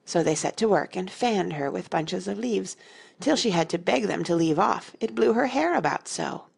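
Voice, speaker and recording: A woman reading a classic children's story as an audiobook narrator, measured and expressive. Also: fairly low pitch, gravelly, husky. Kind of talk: scripted narration.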